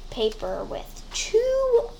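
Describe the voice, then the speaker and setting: A woman with a high voice co-hosting a casual podcast, talking slowly and deliberately. She reads out facts and introduces segments, scattering "like" through her sentences. Faint background hiss under the mic. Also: huge pitch swings, vocal fry, warm tone. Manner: upbeat, reads facts, many "like" fillers. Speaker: podcast co-host. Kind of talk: casual family podcast chat. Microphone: sensitive studio microphone.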